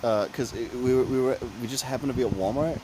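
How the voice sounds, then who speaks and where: A podcast co-host in casual chat, telling animated stories full of acted-out voices and sound effects. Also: mid-range voice, quick pace, slight background noise, low-quality recording.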